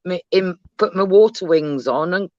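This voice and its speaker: A woman's voice: fairly low pitch, darkish tone, no echo, highs cut off. A woman with a southern English accent, calling in from outside a school to chat playfully on a live stream. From England. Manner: playful and chatty, quick asides. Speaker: guest caller. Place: outdoors by a school, in a bush.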